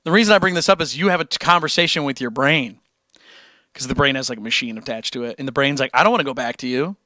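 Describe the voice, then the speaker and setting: A man's voice: medium pitch, fast, bright, forceful tone, no echo, clean studio sound. A young man streaming and answering chat questions about guitar, blunt and encouraging, with casual swearing and rambling tangents.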